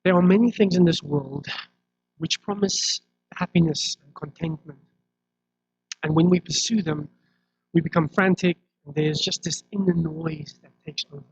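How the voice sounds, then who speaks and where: Gravelly-voiced man preaching a sermon. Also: fairly high pitch, fairly even intonation, normal speed. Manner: conversational, repeats words when restarting. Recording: dull lo-fi recording.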